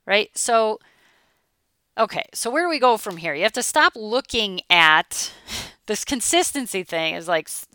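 A woman in her forties coaching listeners with a blunt, emphatic delivery and the odd casual swear word. Her voice is bright and clean, recorded close and dry with no room around it. She talks as a motivational mindset coach. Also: mid-range voice, lively intonation, measured pace, smooth, dry recording. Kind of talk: motivational talk.

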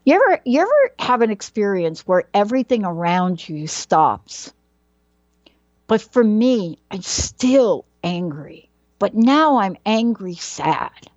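A woman's voice: mid-range voice, big pitch swings, slow, a little mellow, no room sound, muffled recording. A woman telling a personal childhood story in a dramatic way, building suspense with questions and repetition.

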